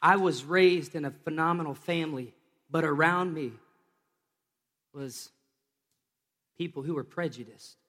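Energetic pastor with a higher voice. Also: male voice, measured pace, long pauses, in a large hall. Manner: lively, joking asides to stage volunteers. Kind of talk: sermon. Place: church stage.

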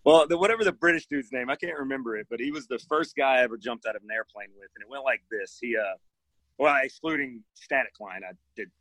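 A man's voice: mid-range voice, fast talker, fairly bright tone, no echo. A man, a former Navy SEAL guest, telling jump stories in a laid-back way with dry humor. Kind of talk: casual storytelling chat.

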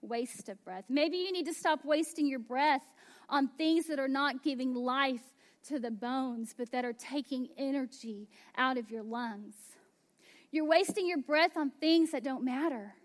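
Her voice is high as this woman pastor, in her thirties, preaches slowly and emphatically, with occasional drops to hushed asides.

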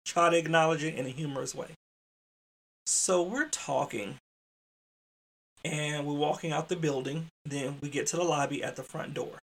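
A man's voice: on the high side, fairly even intonation, fairly quick, fairly bright tone. A man hosting a podcast, telling a work story in a casual, chatty way and talking straight to his listeners. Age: adult father. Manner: chatty, addresses listeners as y'all, mild swearing. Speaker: podcast host.

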